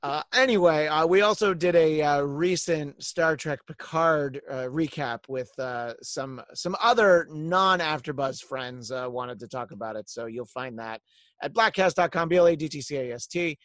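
A man's voice: on the high side, moderate pace, a bit bright, no room sound, clean studio sound. Chatty man hosting, filler-heavy. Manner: rambling, many filler ums and uhs. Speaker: podcast host. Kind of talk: casual chat wrapping up a show.

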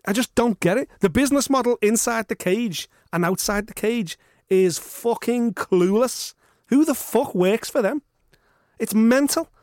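Podcast host, man, high voice, animated sweary ranting, dry mic. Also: no echo. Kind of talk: casual chat.

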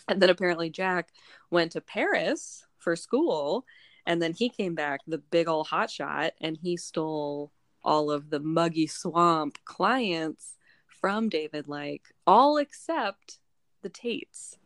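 A woman co-hosting a book podcast, recapping a novel in a rambling, animated way full of filler words. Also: low-pitched, measured pace, no room sound, studio quality. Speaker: book club podcast co-host. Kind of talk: casual chat recapping a novel.

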